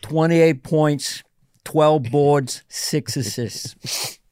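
Brief: a man impersonating a blunt older Brooklyn guy with a New York accent, clipped slow punchlines. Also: fairly high pitch, darkish tone, clear, resonant tone, no echo, clean studio sound. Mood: tough. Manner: punchy catchphrase delivery. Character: blunt Brooklyn-style older male friend.

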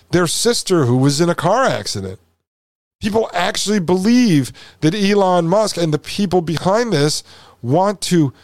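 A man's voice: high voice, no room sound, clean studio sound. A man hosting a podcast, commenting over a played video in an emphatic, insistent, repetitive way. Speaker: podcast host.

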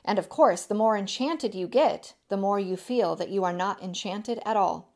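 A woman teaching a church group who pauses to explain, then reads a storybook aloud. Her voice sits in the middle range and she talks with the odd halt. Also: mid-range voice, a little mellow. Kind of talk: teaching and reading aloud from a novel.

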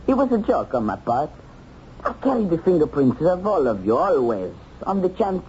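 A mocking, chuckling hunter. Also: male voice, fairly high pitch, sing-song, moderate pace, darkish tone. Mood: taunting. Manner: taunting, given to chuckles. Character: male hunter of a war criminal, mocking then torn. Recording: dull old TV soundtrack, some noise.

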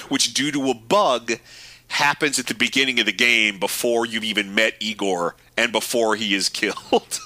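A male podcast co-host with a bright, forward tone, chatting in a wry, quick way. The sound is dry and close to the mic. He slips laughs in between his points. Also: lowish voice, no echo. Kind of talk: casual chat.

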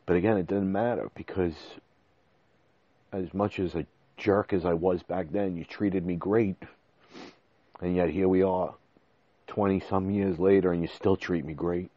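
This forties-aged podcast host speaks to listeners in a casual, emotional, rambling monologue, frequently restarting his words. His low, steady voice is a little slow and pauses often. The desk-mic audio is dull, with no echo.

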